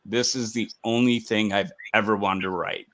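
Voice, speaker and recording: A man hosting a casual wrestling chat, rambling and animated with quick asides. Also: fairly low pitch. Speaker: podcast host.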